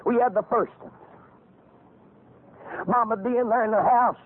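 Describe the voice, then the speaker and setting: An older man preaching a fiery revival sermon, folksy storytelling that climbs into shouted exhortation. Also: very high-pitched, steady tone, a little slow. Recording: tinny phone-like lo-fi recording.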